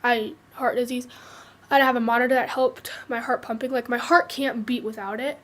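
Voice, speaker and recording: Casting note: teenage girl with a high voice, halting personal vlog talk. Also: fairly even intonation, fairly bright tone. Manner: hesitant, many fillers and restarts. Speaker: vlogger sharing her cancer story. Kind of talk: casual personal storytelling.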